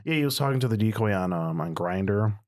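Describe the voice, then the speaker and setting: A man's voice: lively intonation, brisk, dry recording, clean studio sound. A man telling stories as a podcast guest in casual chat, with a voice others call cartoonish. He acts out the quotes as he tells them. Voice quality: high, cartoonish voice. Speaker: podcast guest, predator catcher. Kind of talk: casual storytelling.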